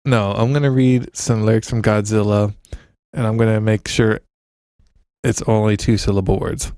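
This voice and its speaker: A man co-hosting a podcast, joking around in casual chat and reading lyrics out slowly. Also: on the low side, steady tone, a little mellow, clean tone, no echo, clean studio sound. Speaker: podcast co-host.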